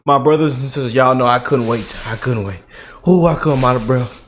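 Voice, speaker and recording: A man giving an animated, mocking reaction commentary for his video channel, repeating himself for emphasis. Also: mid-range voice, fairly quick, slight background noise. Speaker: YouTube commentator.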